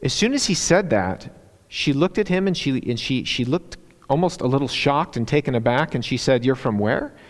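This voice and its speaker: A man's voice: mid-range voice, expressive, moderate pace. A man giving a sermon as a guest preacher in a church, telling stories with many fillers and restarts. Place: church sanctuary. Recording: long church hall reverb.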